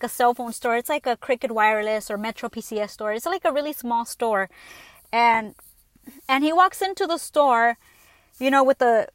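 A woman with a bright, high voice rants straight into the mic. She is blunt and swears freely as she tells her stories. The sound is dry and close, with no room around it. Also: no echo. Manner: blunt, profane, animated storytelling. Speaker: podcast host. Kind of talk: casual ranting monologue.

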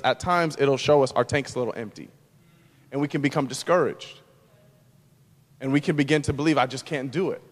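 A man pastor preaching a sermon, moving between loud, emphatic lines and hushed, quiet ones. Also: on the high side, big-room sound.

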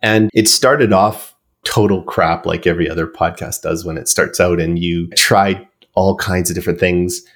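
A man's voice: low-pitched, steady tone, normal speed, fairly bright tone. A man being interviewed on a podcast, telling long stories in a chatty, rambling way with filler words. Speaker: podcast guest. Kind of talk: casual storytelling in an interview.

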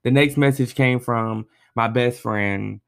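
A man in his twenties casually talking to listeners on his solo podcast, lively and heartfelt, reading friends' messages aloud. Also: medium pitch, slow pace, gravelly, smooth. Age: 20s. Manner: animated, reads messages aloud with feeling. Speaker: podcast host.

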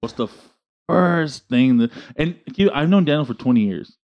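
A man's voice: a little high, lively intonation, moderate pace, lo-fi sound. Profane slangy man telling a story. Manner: profane, slangy, peppered with dude and bro. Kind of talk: casual storytelling chat.

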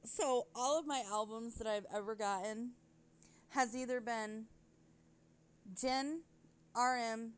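A woman hosting a chatty podcast, her voice slightly high. She rambles, giggles, and keeps interrupting herself to get back on track. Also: slow pace, long pauses, clean tone. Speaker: podcast host. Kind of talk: casual chat.

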